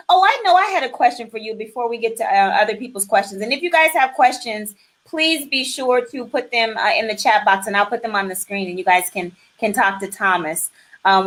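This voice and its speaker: Female host of a live online talk show, warm and encouraging, reads out viewer comments. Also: on the high side, moderate pace.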